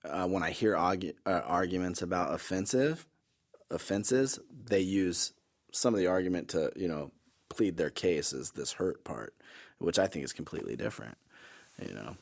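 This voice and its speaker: A man's voice: deep voice, moderate pace, vocal fry. A middle-aged man co-hosting a podcast, talking casually and rambling with many fillers and restarts. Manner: rambling, self-correcting, lots of "like" and "you know". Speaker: podcast co-host. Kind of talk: casual conversation.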